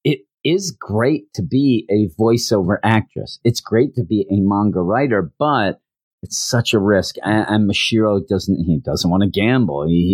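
A man casually recapping an anime episode, animated and acting out the characters' lines, with frequent restarts. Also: medium pitch, dry recording. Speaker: anime reviewer.

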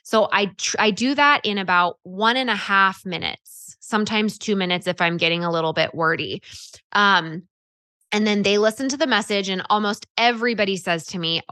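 A woman coaching direct sellers in a chatty, animated way, acting out example scripts as she goes. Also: medium pitch, normal speed, no echo, clean studio sound. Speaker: sales coach. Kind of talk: coaching talk on social selling.

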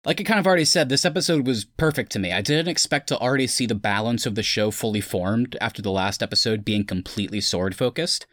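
A man's voice: medium pitch, fast, hardly any pauses, a bit bright, dry recording, studio quality. A man hosting a casual podcast, recapping an episode and chatting loosely with friends. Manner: recaps plot then chats loosely with friends. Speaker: podcast host.

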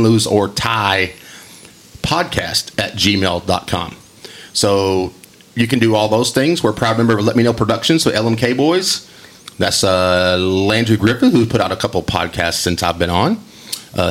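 A man with a West Texas drawl runs a casual sports podcast. He rambles in a friendly way, leaning on fillers, in a slightly low voice. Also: a bit bright. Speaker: podcast host.

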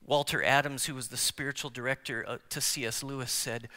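Forceful bright-voiced preaching man, hall echo. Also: medium pitch, fairly even intonation, a little fast, few pauses. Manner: emphatic preaching, swinging from loud declarations to hushed near-whispers; engages the congregation with direct questions. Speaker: pastor. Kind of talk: sermon. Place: large church sanctuary. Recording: long hall reverb from church sanctuary.

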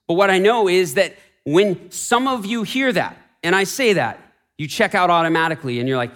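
A man preaching a Sunday sermon in a church sanctuary, shifting between raised, urgent declarations and hushed, pleading passages. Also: sits high, expressive, normal speed. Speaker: pastor.

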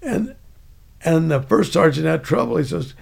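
A man's voice: fairly high pitch, animated, normal speed, vocal fry, husky. An older man casually telling a rambling, chuckling anecdote from his army days. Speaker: veteran storyteller.

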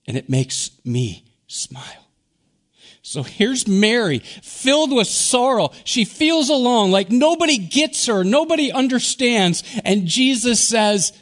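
A pastor from Wisconsin preaching in a slow, earnest way that sinks to hushed, whispered phrases on key words. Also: male voice, sits high, very animated. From Wisconsin, USA. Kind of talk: sermon.

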